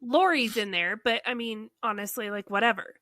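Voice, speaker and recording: A woman from the United States, hosting a podcast and telling a story in a casual, animated, exasperated way with many "like"s. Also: fairly high pitch, normal speed, dry recording, clean studio sound. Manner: animated storytelling, heavy use of "like". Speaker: podcast host. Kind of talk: casual chat.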